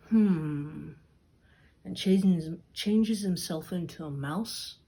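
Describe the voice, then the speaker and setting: A woman storyteller telling a fairy tale aloud, expressive and dipping into whispers. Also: fairly low pitch, breathy edge. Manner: slow, expressive, dips into whispers. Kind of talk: storytime narration.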